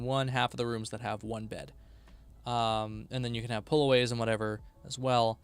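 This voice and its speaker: A man's voice: mid-range voice, level tone, normal speed, clear, resonant tone. A tired man chatting casually on a live stream while building a game, often mumbling to himself.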